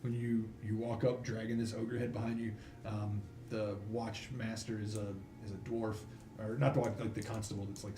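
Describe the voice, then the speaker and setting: A man's voice: lowish voice, roomy sound, noisy background. A man narrating as game master in a tabletop game, casual and hesitant, with many fillers.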